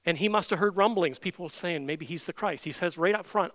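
A man's voice: high voice, fairly quick, a bit bright, dry recording. A man preaching a sermon, emphatic, with many rhetorical questions to the congregation. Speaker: pastor.

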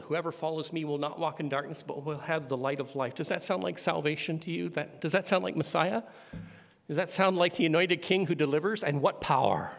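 A man preaching a sermon, building to loud emphatic climaxes. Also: a little high. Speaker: pastor. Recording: long hall reverb.

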